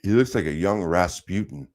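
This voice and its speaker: A man's voice: low-pitched, expressive, moderate pace, darkish tone. A man chatting casually as a podcast host, laid-back and profane, dropping "dude" and "bro" often. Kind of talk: casual chat.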